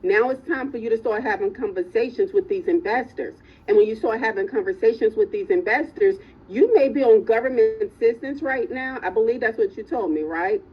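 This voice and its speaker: An emphatic woman coaching her students live, her voice husky and a little raspy. The audio is muffled and low-fi, as if it came through an online call. She keeps checking in with her listeners. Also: brisk, hardly any pauses. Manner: motivational, emphatic, repeats "right?" and "okay?". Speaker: real estate coach.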